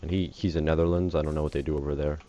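Fresh out of bed, the American gaming host talks very fast in a steady, mellow bass voice, rambling and cracking jokes as he gets sidetracked during casual game commentary. A faint hiss runs under the dull, lo-fi recording.

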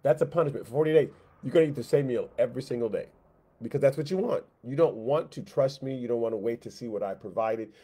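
A man teaching a Sunday school Bible lesson in a conversational way, repeating phrases and slipping into quick voiced asides for God and the complaining people. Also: medium pitch, dark tone.

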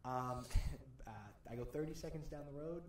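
A man's voice: fairly high pitch, steady tone. Man on a very echoey, noisy mic. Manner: halting, with many "um" and "uh". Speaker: podcast co-host. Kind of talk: casual storytelling chat. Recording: very echoey room with background noise and clicks.

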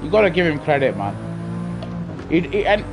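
Over music, a British live-streamer races and talks to his chat in a very animated, fairly high voice at normal speed. He rambles and chuckles into a gaming headset in casual gameplay chatter.

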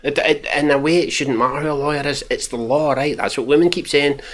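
A man's voice: fairly high pitch, fairly even intonation, quick pace, fairly bright tone. A Scottish man giving mocking, profane reaction commentary while reading out tweets. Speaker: commentary channel host.

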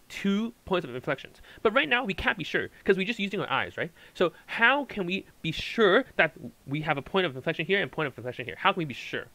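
A man's voice: a little high, bright, forceful tone, dry recording, rough recording. A man tutoring calculus at a whiteboard, explaining step by step and checking in often with "okay" and "right". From Hong Kong. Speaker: math tutor.

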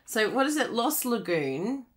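Woman, craft demonstrator, lively voice, chatty, laughs a lot. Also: on the high side, unhurried. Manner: chatty, laughs often, reads out viewer comments. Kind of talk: live card-making tutorial.

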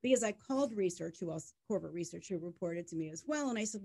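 A middle-aged woman, a tech startup co-founder, talking as an interview guest in an emphatic, animated storytelling way. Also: lowish voice, quick pace, vocal fry, few pauses, breathy edge. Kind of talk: conversational interview.

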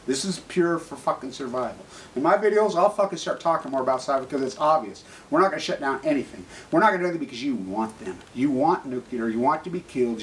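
A middle-aged man ranting angrily to camera, swearing constantly and swinging between shouting and low, bitter muttering. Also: slight background noise. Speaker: video blogger. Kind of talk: profane angry rant to camera.

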